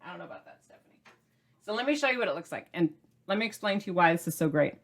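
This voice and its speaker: A woman's voice: mid-range voice, lively intonation, quick pace. Bubbly middle-aged female cooking host, casual and effusive. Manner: bubbly, gushing, chatty; talks while eating. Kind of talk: casual cooking demo chat.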